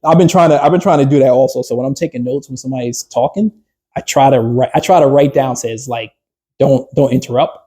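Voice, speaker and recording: A man's voice: mid-range voice, quick pace, mellow, husky. A man, a business coach, giving a casual workshop talk to a small group, rambling with fillers and restarts and putting questions to the group.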